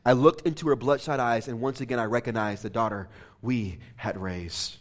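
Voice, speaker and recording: A man's voice: medium pitch, normal speed. A man preaching a sermon, reading a story aloud with impassioned, emphatic delivery. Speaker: pastor.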